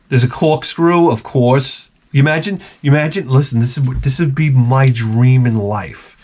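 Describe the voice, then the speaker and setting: A man vlogging as he opens fan packages, talking in a rambling, excitable way and swearing freely. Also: fairly high pitch, moderate pace, hardly any pauses. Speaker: vlogger opening fan mail. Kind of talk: casual unboxing chat. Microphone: camera mic.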